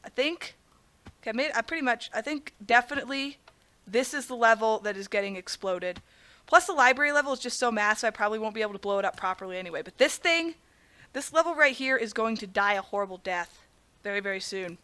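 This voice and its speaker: A woman's voice: a little high, expressive, quick pace, pushed and bright. A young woman hosting a let's play, narrating her gameplay with melodramatic, self-mocking complaints and talking to her viewers as "guys". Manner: talks to the audience as "guys". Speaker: gaming channel host.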